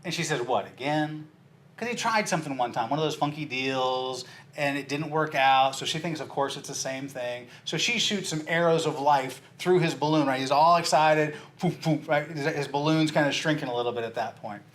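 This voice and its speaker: A man leads a sales training session and tells a true story to make his point. He acts out every character's lines with big swings in his voice. His voice sits a little high for a man. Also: moderate pace. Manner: animated storyteller, acts out dialogue with big jumps in voice. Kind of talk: training talk with acted-out story.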